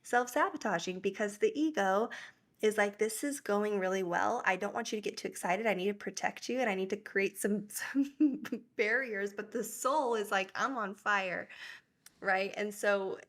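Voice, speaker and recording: A woman's voice: mid-range voice, moderate pace, a bit bright. Earnest reflective woman guest. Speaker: guest, breathwork facilitator. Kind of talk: conversational interview.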